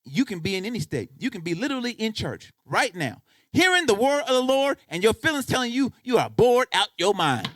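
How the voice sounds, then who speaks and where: Picture a male pastor preaching in church, his voice sitting high and swinging widely up and down. He speaks conversationally to the congregation and keeps driving points home with emphatic repeated questions. The sound is dry and close, with little room echo. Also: sing-song, a little fast, fairly bright tone. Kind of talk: sermon.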